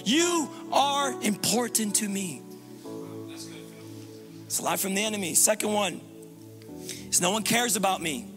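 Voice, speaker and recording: A man preaching a sermon as pastor, impassioned and repetitive, swinging between loud urging and hushed low passages. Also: expressive, moderate pace, long pauses, music in the background.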